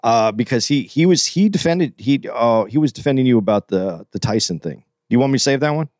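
A man co-hosting a casual podcast, talking haltingly and restarting as he reasons things out. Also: medium pitch, animated, darkish tone, no room sound, clean studio sound. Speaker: podcast co-host. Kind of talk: casual chat.

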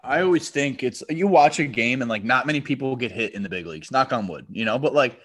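A man in relaxed podcast conversation who leans on "like" as he talks. His voice sits at a middle pitch, and he keeps things easygoing. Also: quick pace. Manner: relaxed, heavy use of "like". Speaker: podcast co-host. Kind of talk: casual chat.

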